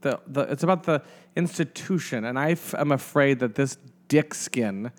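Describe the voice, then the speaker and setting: A man's voice: mid-range voice, normal speed. A man co-hosting a casual podcast chat, rambling and profane, often restarting his sentences. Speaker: podcast co-host.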